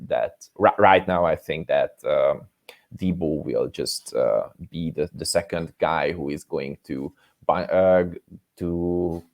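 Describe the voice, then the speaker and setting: Deep-voiced Hungarian man, halting. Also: darkish tone. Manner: hesitant, many fillers and restarts. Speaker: co-host. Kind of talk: casual sports chat.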